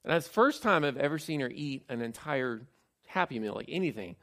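A male pastor preaches in a loose, conversational way, telling stories on himself. His voice has a gravelly, creaky edge at an average pitch. He swings between louder emphatic lines and quiet asides. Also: expressive, a little fast. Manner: conversational, self-deprecating storytelling. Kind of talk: sermon.

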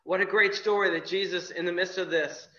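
Bright-voiced male pastor in an echoey room. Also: high-pitched, fairly even intonation, brisk. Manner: conversational, with frequent restarts and fillers. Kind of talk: sermon. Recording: echoey room, dull lo-fi sound.

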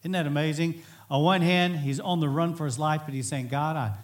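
A man preaching a sermon in an earnest, emphatic way, sometimes swelling to near-shouts. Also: a little high, brisk. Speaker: pastor.

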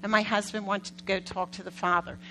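Bright-voiced woman preaching with animated stories. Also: mid-range voice, a little fast, slight background noise, poor audio. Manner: animated, acts out quotes, asks the congregation questions. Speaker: pastor. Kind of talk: conversational sermon storytelling.

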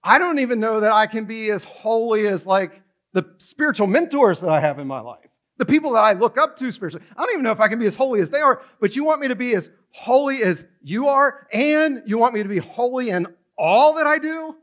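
Male pastor, high voice, lively conversational sermon full of rhetorical questions. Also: fairly quick.

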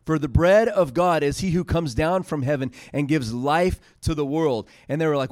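Guy preaching, fairly high voice, dry close sound, chatty then punchy. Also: normal speed, darkish tone, dry recording. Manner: retells scripture in casual paraphrase, rising to emphatic peaks. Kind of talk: sermon.

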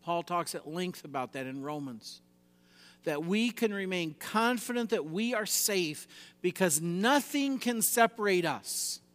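Man, preacher, high voice, emphatic sermon, long hall echo. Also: animated, measured pace. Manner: emphatic, swings between loud exhortation and quiet lows.

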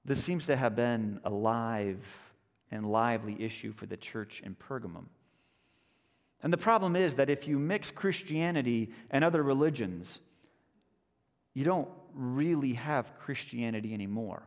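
A man preaching a sermon in a relaxed, conversational way, telling a story and slowing down for emphasis. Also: medium pitch. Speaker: pastor. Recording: long church reverb.

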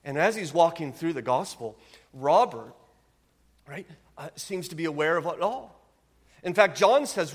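Man preaching in church, earnest and emphatic, keeps asking "right?", voice on the high side, long hall reverb. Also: animated, a little slow, pauses often, husky. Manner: earnest, emphatic, with frequent rhetorical "right?" and restarts. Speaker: pastor. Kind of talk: sermon.

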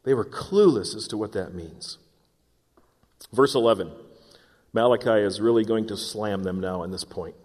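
A man's voice: medium pitch, sing-song, moderate pace. A man preaching a sermon in an earnest, dramatic way, reading scripture aloud and acting out voices. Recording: long hall reverb.

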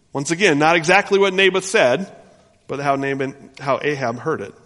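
A man's voice: medium pitch, moderate pace. Male pastor telling a bible story, lots of restarts, echoey big hall. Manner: animated storytelling, many restarts. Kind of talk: sermon. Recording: long hall reverb.

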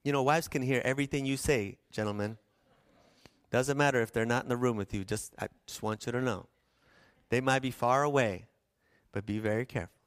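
A man's voice: medium pitch, a little fast, clean tone, no echo, clean studio sound. A man preaching a sermon, retelling a scripture story with playful asides and questions to the congregation. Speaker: pastor.

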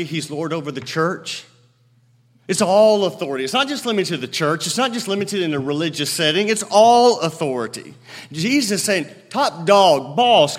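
Emphatic preacher in a reverberant hall. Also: male voice. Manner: emphatic, swings from loud declaring to low quiet storytelling. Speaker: pastor. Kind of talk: sermon. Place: church sanctuary.

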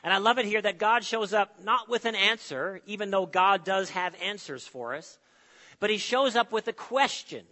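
A male pastor with a high, bright voice preaches with emphatic phrasing and dramatic pauses. He swings between loud declarations and hushed lines. His voice rings out in a hall with a long, echoing reverb. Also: lively intonation. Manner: emphatic, with dramatic pauses and sudden drops to soft. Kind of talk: sermon.

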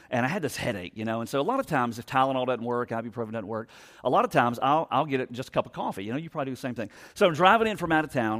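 A man in his forties preaching a sermon, chatting with the congregation and telling a story with plenty of questions to the crowd. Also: mid-range voice. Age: 40s. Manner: conversational storytelling with audience questions. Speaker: pastor.

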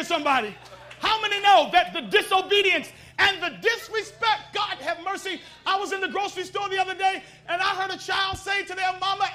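Fervent male preacher, high and sharp, middle-aged, drives the congregation with call-and-response. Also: normal speed. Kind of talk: sermon.

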